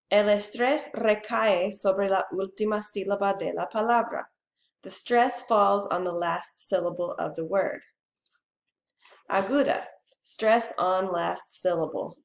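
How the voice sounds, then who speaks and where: A woman teacher gives a slow, clear bilingual lesson, saying each Spanish phrase first and then the English. Her voice sits at a middle pitch and carries a roomy echo.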